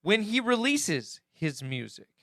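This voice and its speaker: Playful high-voiced man chatting. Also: big pitch swings, measured pace, creaky, a bit bright, no echo, clean studio sound. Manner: joking, profane, reads comments aloud. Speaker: podcast co-host. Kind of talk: casual chat.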